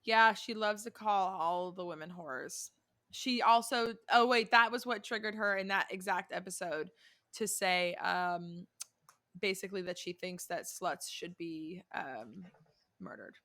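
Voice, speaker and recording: A young woman co-hosting a podcast in a casual, animated chat, often restarting her sentences and swearing. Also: lowish voice, a little slow. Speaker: podcast co-host.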